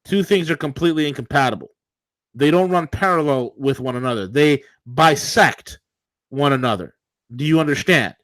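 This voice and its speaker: A man's voice: fairly high pitch, moderate pace, a bit bright, no room sound. A man co-hosting a political talk show, ranting combatively and sarcastically.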